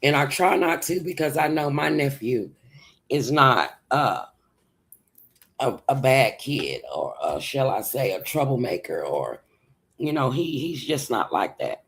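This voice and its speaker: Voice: medium pitch, big pitch swings, measured pace, creaky, a bit bright, rough recording. A livestream host telling a personal story, rambling and circling back with many restarts.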